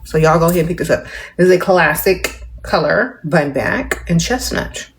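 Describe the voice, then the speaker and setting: Restrained middle-aged woman streaming live. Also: lowish voice. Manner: talks with little mouth movement, restrained and measured; drawling and playful, calls viewers darling and y'all. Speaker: livestream host. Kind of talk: casual livestream chat answering comments.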